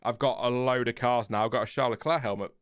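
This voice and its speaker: Calm Lincolnshire-accented man chatting. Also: mid-range voice, fast talker, smooth, dry recording, clean studio sound. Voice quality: calm, fairly flat intonation. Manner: chatty, rambling, laughs often, trails off. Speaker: livestream host. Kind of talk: casual chat reading live comments.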